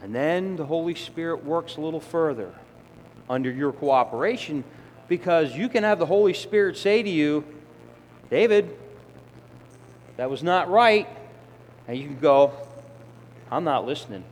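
A middle-aged man delivers a conversational sermon and now and then slips into the voices of sinners and children. His voice sits a little high. It rings with long reverb through a church hall, over a faint room hum. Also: animated, normal speed, long pauses. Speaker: preacher.

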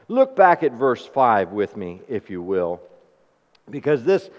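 A man preaching with lively call-and-response questions to his congregation, his fairly high voice ringing out in a long hall echo. The recording is a bit muffled and lacks crispness. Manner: animated call-and-response preaching with homely stories. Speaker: pastor. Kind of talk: sermon.

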